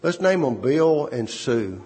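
A man's voice: medium pitch, big pitch swings, takes it slowly, darkish tone. A man preaching a sermon, repeating words and phrases for emphasis. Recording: long hall reverb.

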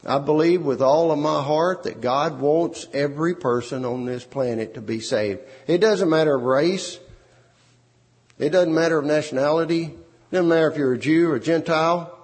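A man's voice: fairly high pitch, moderate pace, a little mellow. A man preaching a sermon, repeating words and phrases for emphasis. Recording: long hall reverb.

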